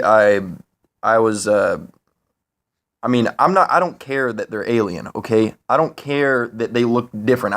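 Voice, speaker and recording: Rambling, cursing man vlogger. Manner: rambling, profane, many fillers and restarts; rises higher and louder when worked up. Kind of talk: casual monologue.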